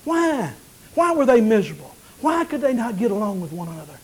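Pastor, man, very high voice, preacherly swells and hushes. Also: very animated, a little fast, slightly rough, poor audio. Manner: preacherly, rising to emphatic peaks then dropping low and quiet. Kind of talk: sermon.

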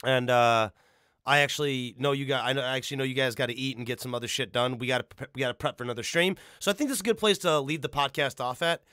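A man's voice: mid-range voice, fast, bright, forceful tone, dry recording, studio quality. A man hosting a casual podcast, rambling and cursing freely. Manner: profane, rambling. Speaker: podcast host. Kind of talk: casual chat.

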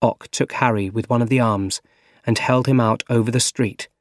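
A man reading a story aloud for learners, slow, clear and measured. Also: mid-range voice, steady tone, no echo, clean studio sound. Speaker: narrator.

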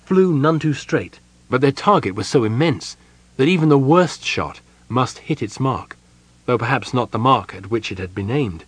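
A man reading a fantasy novel aloud as an audiobook narrator, in a measured, dramatic storytelling manner. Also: mid-range voice, no room sound. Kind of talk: scripted narration.

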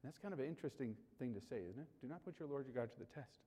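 A man preaching a sermon in a church, animated, swinging between loud calls and quiet asides, joking with the congregation. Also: medium pitch, rapid-fire. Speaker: pastor. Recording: hall reverb.

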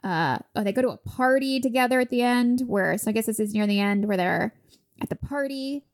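A woman's voice: on the high side, animated, a little fast. A woman in casual chat, animatedly retelling a movie's plot and acting out the characters' lines.

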